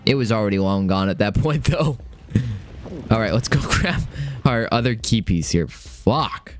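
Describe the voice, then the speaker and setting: Young guy streamer yelling at a game, voice jumps all over, swears a lot, faint game music behind. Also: lowish voice, measured pace. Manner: excitable, swears, talks to himself. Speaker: gaming streamer. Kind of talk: live let's-play commentary.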